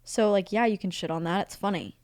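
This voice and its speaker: Animated young woman, dry close sound. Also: mid-range voice, fairly quick, dry recording. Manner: animated, laughs often, emphatic. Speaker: podcast guest. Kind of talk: casual comedic banter.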